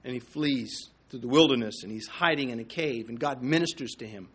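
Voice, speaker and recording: A man preaching a sermon, emphatic and swinging between loud declarations and hushed asides. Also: medium pitch, fairly quick, breathy edge. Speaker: pastor.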